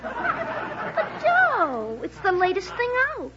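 Shrill Brooklyn wife, bright and animated, indignant; 1940s radio, dull old recording. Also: female voice, takes it slowly, heavily acted.

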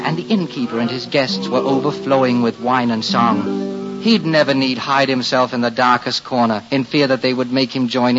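A man narrating a storybook tale with expressive, swinging delivery. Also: mid-range voice, highs cut off.

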